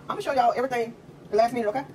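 Talking very fast in a voice on the high side, a woman hosts an easygoing home cooking vlog full of chatter and jokes she laughs at herself. The kitchen recording comes from a distant mic with constant background noise.

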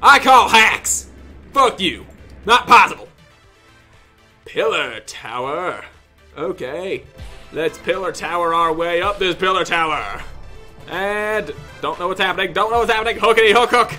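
A man doing angry gameplay commentary, ranting, yelling and cursing at the game, then muttering low under his breath between outbursts. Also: lively intonation, unhurried, long pauses, faint music behind. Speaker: gaming video creator.

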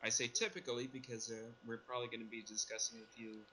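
A man's voice: mid-range voice, little pitch movement, quick pace, pushed and bright, slight background noise, poor audio. A man co-hosting a casual podcast discussion, rambling and correcting himself as he goes. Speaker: podcast co-host.

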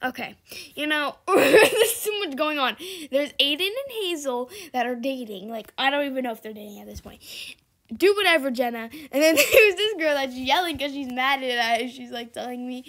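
A young woman giving casual, giggly commentary over her own gameplay, chatty and shifting between loud squeals and quiet mutters. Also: high voice, expressive, moderate pace. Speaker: gaming video creator.

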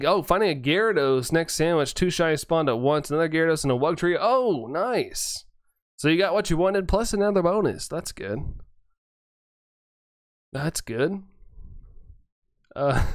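A man's voice: fairly high pitch, dry recording. A man live-streaming a game, chatting casually, reading viewer messages aloud and chuckling often. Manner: laid-back, chuckles often, greets chatters by name.

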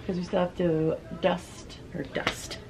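A woman's voice: on the low side, little pitch movement, slow, creaky, a little mellow, soft background music, poor audio. A woman chatting casually in a home vlog, explaining what she is doing as she goes. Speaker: vlogger cohost. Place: home kitchen and living room.

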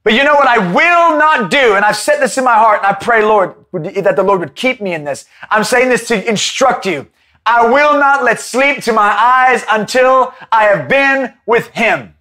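A man preaching an impassioned Bible-study sermon, rising at times to a shout. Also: very high-pitched, lively intonation, moderate pace.

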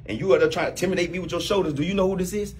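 Man as a loud teasing boss, high voice, faint room noise behind. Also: very fast. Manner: bossy, loud and teasing, swings pitch a lot. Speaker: comedian playing a new boss. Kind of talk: improvised comedy sketch.

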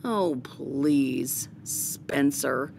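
A woman's voice: very deep voice, drawn-out words, creaky, a little mellow, slight background noise, pitched below the performer's own voice, heavily acted. A woman voicing an exasperated, fed-up mother in a storybook read-aloud, speaking sternly.

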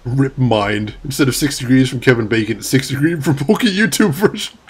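This gaming streamer chats easily with viewers during let's-play commentary, reading chat out loud and laughing often. His voice is mid-range, expressive, brisk and husky.

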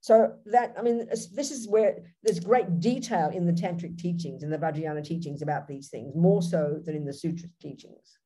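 An Australian woman teaching Buddhism over a video call, explaining directly and with animation. Her voice sits a little low, with a mellow, husky tone. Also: moderate pace. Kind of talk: dharma teaching with Q&A.

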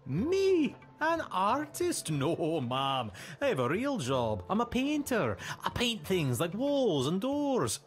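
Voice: medium pitch, huge pitch swings, slow, hardly any pauses, soft background music. A voice actor playing a cheerful, polite male goblin painter with a Scottish accent in a video game. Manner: polite, hearty laughter.

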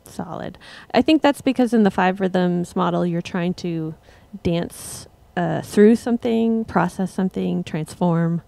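Woman, young adult, musician, livestream chat, relaxed, rambling, slow, gravelly. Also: lowish voice, no room sound. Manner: relaxed, rambling, laughs at herself. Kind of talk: casual chat with viewers between songs.

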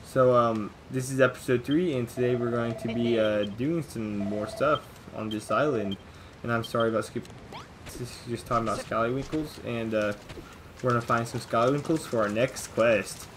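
A man gives loose, casual commentary over his game, mumbling to himself in a middling voice and reading on-screen text aloud. A clear hiss of noise sits under his recording. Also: medium pitch, normal speed. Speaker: let's play host.

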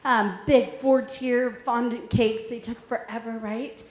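A woman's voice: a little high, unhurried. A woman in her thirties presenting a workshop, telling funny stories and asking the audience questions. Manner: lively storytelling, asks the audience questions. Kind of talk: humorous motivational talk to an audience. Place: large room with an audience. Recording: echoey room.

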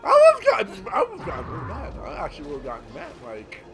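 A man giving casual gameplay commentary, rambling and excitable, swearing loudly at the game. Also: medium pitch, quick pace, poor audio. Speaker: gameplay streamer. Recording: loud game music behind voice. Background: game music and sound effects.

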